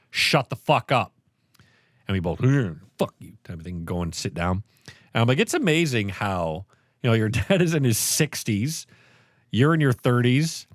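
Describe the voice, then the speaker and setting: Animated, swearing man telling stories. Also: medium pitch, dry recording, studio quality. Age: 30s. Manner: animated storytelling, swears often. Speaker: podcast co-host. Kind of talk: casual podcast chat.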